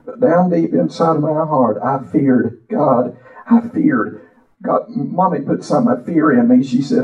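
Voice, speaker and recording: An older man preaching a sermon, reciting a poem and telling his own story with impassioned, drawn-out phrases. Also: fairly high pitch. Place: church. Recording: echoey, distant, dull church audio.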